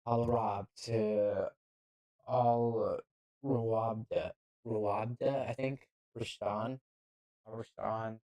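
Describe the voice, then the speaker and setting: A man giving casual live play-by-play commentary on a football match into a handheld mic, halting and often unsure of player names. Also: fairly low pitch, steady tone, mellow, low-quality recording. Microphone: handheld microphone.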